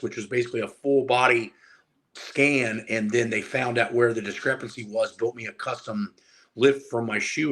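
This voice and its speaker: A man in his forties from Indiana, a guest telling stories in a casual interview, animated and casually profane. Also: mid-range voice. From Indiana, USA. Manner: animated storyteller who acts out dialogue and swears casually. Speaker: guest, powerlifter and strength coach.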